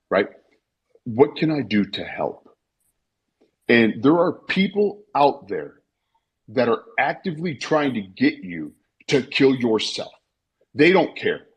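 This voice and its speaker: A man's voice: mid-range voice, sing-song, takes it slowly, pauses often, husky. A man in his late thirties speaking on a live audio stream, telling a personal story bluntly, swearing and repeating himself. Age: 30s. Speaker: Twitter Spaces speaker. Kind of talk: emotional personal talk. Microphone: online voice call.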